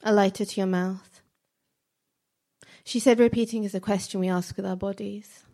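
A woman reciting spoken word poetry in slow, measured, fragmented phrases. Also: mid-range voice, fairly even intonation, warm tone.

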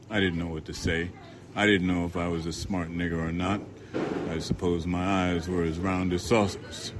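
In this audiobook, a man narrates a first-person novel in a low, steady voice. He reads in a measured, dry way, letting the ironic lines land on their own without extra push. There's noticeable noise in the background.

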